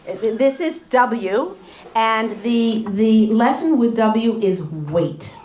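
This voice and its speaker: A woman giving a live workshop talk to an audience, chatty and animated, often laughing and acting out little arguments. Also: on the high side, slow, slight background noise. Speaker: relationship workshop speaker. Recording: echoey room with audience.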